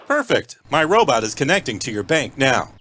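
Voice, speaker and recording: Deadpan mock phone-menu prank caller. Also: male voice, medium pitch, a little fast.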